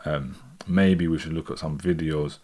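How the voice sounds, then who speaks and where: A man's voice: rumbling low, fairly even intonation, normal speed, darkish tone. A man hosting a livestream, reacting to records in a laid-back, slangy way. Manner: laid-back, slangy, often adds "do you know what I'm saying". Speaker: host of a music reaction livestream. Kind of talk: casual live reaction commentary.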